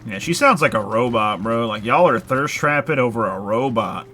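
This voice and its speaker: A man's voice: medium pitch, expressive, normal speed, pushed and bright, a little hiss or hum. Rambling man streaming a game. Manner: loose and rambling, heavy filler words, swears casually. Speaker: streamer playing a horror game. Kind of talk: casual live gameplay chat.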